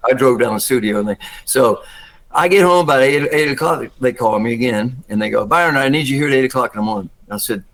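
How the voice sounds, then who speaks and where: Older man, Southern accent, lively anecdotes, voices other people in quotes, mid-pitched, laughs a lot. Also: fast, poor audio. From Georgia, US. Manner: animated, acts out quotes with jumps in pitch, laughs often. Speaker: guest actor. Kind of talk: casual storytelling interview.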